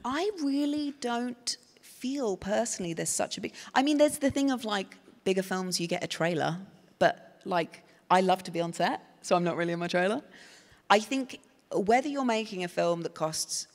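A woman's voice: fairly low pitch, expressive, moderate pace. An English woman, a guest actress at a live panel, answering questions in a thoughtful, rambling way with many fillers and restarts. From England. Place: stage at a festival panel. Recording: reverberant hall from a live event.

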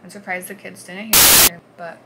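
A woman's voice: on the low side, flat delivery. Woman telling a hard story, noisy recording. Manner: earnest, halting, swings between hushed and forceful. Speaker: vlogger. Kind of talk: personal storytelling.

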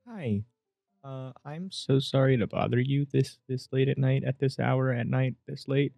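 A man's voice: medium pitch, normal speed, gravelly, mellow, dry recording, highs cut off, soft background music. A young man commenting casually on a game, muttering to himself with joking asides. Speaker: gamer.

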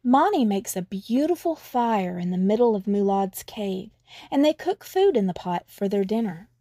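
A woman storyteller reading a children's picture book aloud in a calm, even manner. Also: mid-range voice, moderate pace, dry recording.

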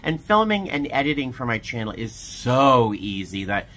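A man vlogging casually to camera at home, chatty and animated, with a sarcastic edge. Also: mid-range voice, moderate pace. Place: living room at home. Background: traffic noise through open door.

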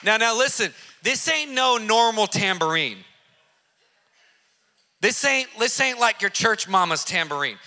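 A man hosting a podcast, telling a story in an excitable, emphatic way with bursts of laughter. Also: high voice, unhurried. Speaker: podcast host. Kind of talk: animated storytelling.

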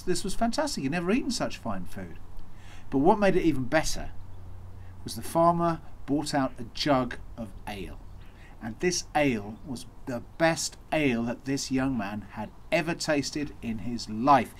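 A man telling an old folk tale as a costumed storyteller, with theatrical emphasis. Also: rough recording. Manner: animated, swooping pitch for emphasis. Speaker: storyteller in costume as a medieval seamster.

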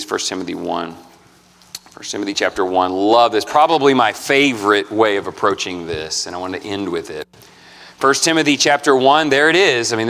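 A male preacher delivers a sermon from the pulpit, and his mid-range voice rings out through a big room with a long reverb tail. He is emphatic, pushing some lines up loud and high and letting others sink low and soft. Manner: emphatic, swings from loud rising lines to quiet low ones. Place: church sanctuary.

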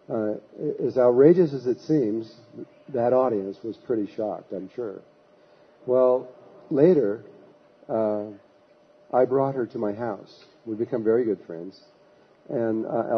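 A spiritual teacher telling a long story in a husky, middle-pitched voice. He often stops and restarts his sentences as he goes. The recording sounds dull and lo-fi. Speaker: spiritual teacher giving a talk. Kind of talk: anecdotal storytelling talk.

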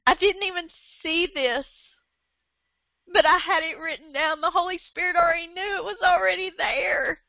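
A woman's voice: high voice, no room sound. A woman preaching a fervent, emotional sermon online, repeating phrases and laughing through tears. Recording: dull lo-fi sound.

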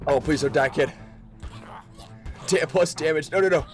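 A man giving casual let's-play commentary, excitable, laughing often and reading game text aloud. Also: high voice, normal speed, faint music behind. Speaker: gaming video creator.

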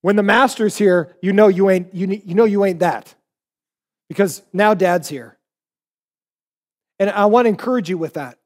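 A man in his forties preaches a sermon with a fairly high voice. He tells stories animatedly, dropping into the voices of the people he quotes. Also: normal speed, long pauses. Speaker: pastor.

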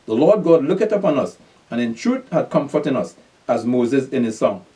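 Recorded from a distance, a man with a warm, medium-pitched voice preaches a bible class at normal speed, his pitch swinging widely. He reads scripture aloud, then explains it through emphatic call-and-response questions, repeatedly urging listeners to pay attention.

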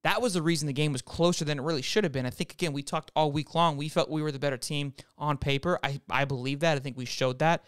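A man's voice: fairly high pitch, fast talker, hardly any pauses, clear, resonant tone, no echo, clean studio sound. A man hosting a fan sports show, breaking down a football game in casual commentary that talks straight to viewers, with frequent restarts.

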